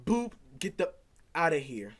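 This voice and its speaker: A man's voice: fairly high pitch, a little slow. Young man rambling through a storytime. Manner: rambling, animated retelling with quoted dialogue. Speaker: vlogger. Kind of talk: casual storytime.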